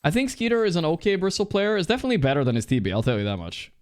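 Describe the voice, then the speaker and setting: A man's voice: high voice, very animated, racing. A man streaming and reacting to a match, talking loosely with viewers and swearing. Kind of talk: casual stream commentary.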